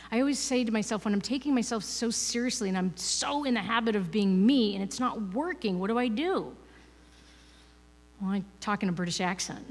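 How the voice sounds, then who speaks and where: A woman giving a conversational inspirational talk as a guest speaker at a spiritual ministry, chatty and full of "you know" and "right?". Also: a little high. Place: ministry service hall, indoors. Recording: reverberant hall.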